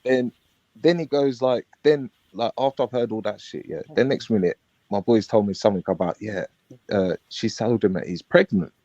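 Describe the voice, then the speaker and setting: A man's voice: on the low side, moderate pace, mellow, no room sound. A man telling a rambling story in street slang on a live panel stream. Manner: rambling, street slang, acts out quoted dialogue. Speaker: panel guest. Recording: dull lo-fi stream audio.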